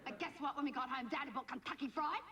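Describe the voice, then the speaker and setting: A woman's voice: high-pitched, quick pace, crowd noise, lightly acted. A woman playing a cheeky, bratty teenage schoolgirl with an Australian accent, gossiping in a whiny, chatty way full of "you know". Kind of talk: sketch comedy monologue. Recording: distant noisy TV recording.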